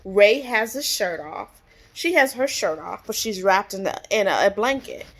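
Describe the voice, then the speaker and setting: A woman vlogger casually recaps a TV episode at a moderate pace, her medium-pitched voice full of lively intonation. She's chatty, leaning heavily on "like" and "you know," and acts out the characters' lines.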